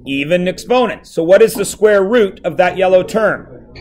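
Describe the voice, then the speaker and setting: A man's voice: sits high, lively intonation, moderate pace, a little mellow, a little hiss or hum. A male math teacher in a classroom, playfully quizzing his students and joking with them. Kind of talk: classroom lesson.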